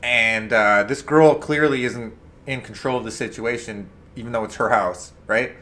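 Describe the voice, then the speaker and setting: A man co-hosting a casual talk show, telling a story with big swings between loud and quiet. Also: mid-range voice, moderate pace. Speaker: co-host. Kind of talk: casual chat.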